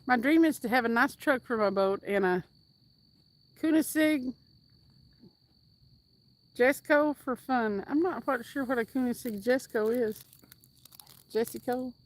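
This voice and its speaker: High-voiced chatty woman streaming from a fishing trip. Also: measured pace, pauses often. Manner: upbeat and chatty, whoops now and then. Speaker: livestream host. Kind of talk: casual livestream chat, reading viewer comments aloud. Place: outdoors by the water while fishing.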